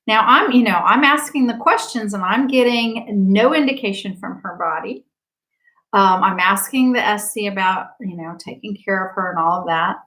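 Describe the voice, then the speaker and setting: A woman practitioner telling a story in a casual monologue, lively and chatty, full of fillers and acted-out quotes. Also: medium pitch, normal speed, poor audio. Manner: animated, acts out quoted speech. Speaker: quantum healing practitioner.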